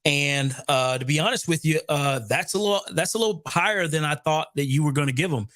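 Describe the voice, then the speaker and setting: A man's voice: on the high side, brisk, a bit bright, dry recording, studio quality. A man hosting a live sales competition stream, chatting energetically and often repeating himself. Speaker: host.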